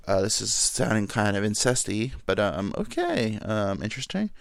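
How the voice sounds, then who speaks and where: A man talks loosely through a solo home podcast, wandering from thought to thought and packing his speech with filler words and crude asides. His pitch swings widely up and down as he goes. The sound is dry and close, with no room echo. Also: big pitch swings, moderate pace, gravelly. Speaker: podcast host. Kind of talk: casual solo podcast monologue.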